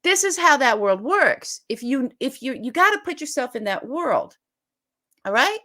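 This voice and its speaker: A woman talks on a political podcast in a bright, higher register. Her pitch rises and falls dramatically as she argues. She hammers her points with vivid retellings and rapid emphasis. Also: very animated. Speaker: podcast co-host. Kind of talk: animated political podcast talk.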